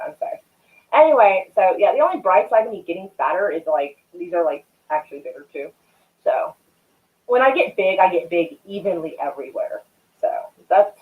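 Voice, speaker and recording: Young woman streamer, casual rambling chat, lively swooping voice, swears freely, thin phone-like sound. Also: medium pitch. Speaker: livestream host. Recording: tinny phone-like audio.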